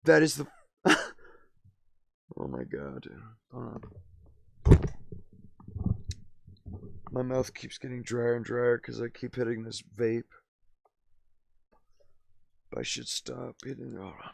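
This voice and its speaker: Gravelly, rambling young-sounding streamer guy. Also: medium pitch, animated, slow pace, long pauses, no room sound. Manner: rambling, slangy, says "dude" and "man" constantly; laughs often, drifts loud then quiet. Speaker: live streamer. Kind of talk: casual rambling storytelling.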